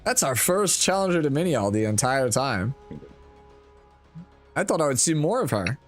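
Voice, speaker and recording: A man's voice: mid-range voice, normal speed, faint music behind. Laid-back male tournament host. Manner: relaxed, friendly, slangy. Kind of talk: live tournament game commentary.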